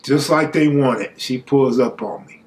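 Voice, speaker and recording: A man's voice: mid-range voice, measured pace. A man, hosting a stream and telling a true story in casual, profane street talk, raising his voice when he quotes people. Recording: echoey room, faint background hum.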